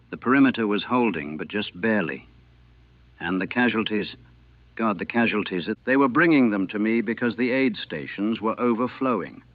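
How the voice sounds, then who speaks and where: A man narrating his wartime memories as a chaplain in a somber, measured, grave way. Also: fairly low pitch, no echo. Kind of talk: first-person war memoir narration. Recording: narrow phone-like band, dry.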